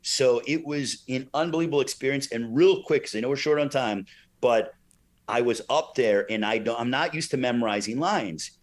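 Man, middle-aged, interview guest, animated storytelling, acts out quoted voices, frequent fillers, mid-pitched. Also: moderate pace. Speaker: ring announcer and guest.

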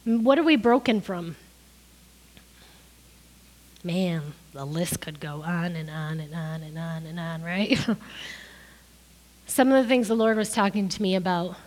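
A woman's voice: on the low side, takes it slowly, long pauses, a little mellow. A middle-aged woman preaching a sermon, crying as she gives an emotional testimony that builds to emphatic peaks.

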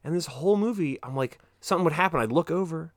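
A man's voice: a little high, expressive, quick pace, no room sound, studio quality. A man hosting a podcast in casual chat, telling stories animatedly and swearing freely. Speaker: podcast host.

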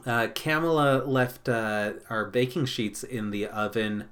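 A man's voice: medium pitch, unhurried, fairly bright tone. A man co-hosting a podcast in casual chat, laid-back and rambling, laughing often. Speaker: podcast co-host.

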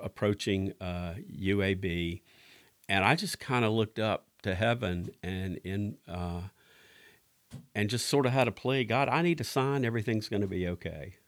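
A man's voice: sits low, a bit bright. A middle-aged man, talking casually on a podcast and restarting his sentences often. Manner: halting, with many restarts. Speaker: director of ministries.

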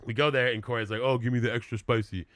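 A man's voice: mid-range voice, fairly even intonation, fast, fairly bright tone, no echo, clean studio sound. A man co-hosting a podcast, telling a rambling, profane anecdote in casual chat with lots of filler words. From born in California, early years in Minnesota. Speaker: podcast co-host.

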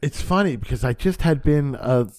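A male stand-up comedian telling a casual, profane story as a podcast guest, acting out the dialogue with sudden jumps in pitch and loudness. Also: normal speed. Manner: profane, rambling with frequent restarts.

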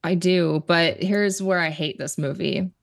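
A woman talks through a film as a guest on a casual podcast. Her voice sits low with a gravelly fry at the ends of phrases, and she is blunt, swears freely and laughs easily. The sound is dry and close, with no room around her. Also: steady tone, a little slow, dry recording.

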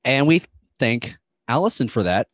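Man, podcast co-host, casual rambling chat, mid pitch, dry close sound. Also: big pitch swings, normal speed, fairly bright tone, no room sound. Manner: rambling, filler-heavy, laughs often.

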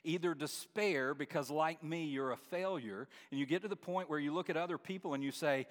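A pastor preaches with earnest conviction, doubling back on his words and then climbing to emphatic, forceful peaks. His voice sits a touch high for a man. The sound carries a long reverb tail from a big church hall. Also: a little fast, few pauses. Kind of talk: sermon.

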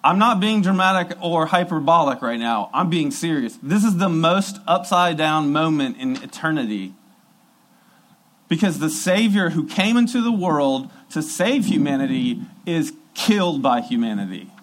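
An earnest male preacher delivering a sermon with emphasis, circling back to repeat his key phrases. His voice sits slightly high for a man. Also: animated, normal speed, fairly bright tone, low-quality recording.

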